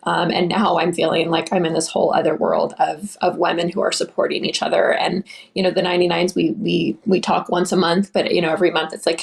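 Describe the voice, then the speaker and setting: Earnest young woman pilot, gravelly voice. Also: fairly low pitch, little pitch movement, a little fast, hardly any pauses. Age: young adult. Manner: earnest, enthusiastic, restarts often. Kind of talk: interview answer.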